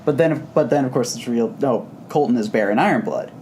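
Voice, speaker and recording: A man's voice: mid-range voice, brisk, darkish tone, slight background noise. A man co-hosting a podcast, talking casually and enthusiastically about comics, rambling with frequent restarts. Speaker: podcast co-host. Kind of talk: casual comic book discussion.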